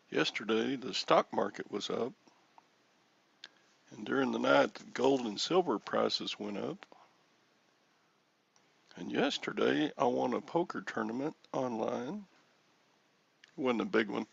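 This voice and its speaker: A man's voice: medium pitch, creaky, breathy edge. A man in his sixties hosting a live stream in casual, rambling chat with an easygoing manner, on a dull lo-fi home recording.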